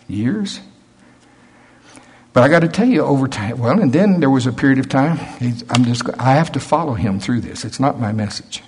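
Husky-voiced older male preacher. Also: mid-range voice. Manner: folksy storytelling, acting out voices. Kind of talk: sermon.

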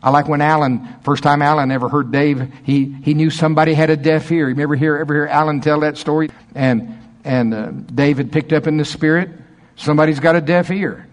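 Fervent preacher man, high-pitched. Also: fairly quick. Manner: fervent, swings from low murmurs to excited high storytelling. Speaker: pastor. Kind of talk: charismatic sermon.

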